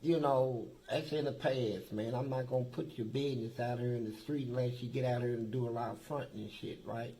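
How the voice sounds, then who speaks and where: In poor-quality audio, a Kentucky man being interviewed spins crude, street-smart yarns in a relaxed way, voicing the characters' lines himself. He speaks a touch quickly in a warm, steady, mid-range voice with few pauses.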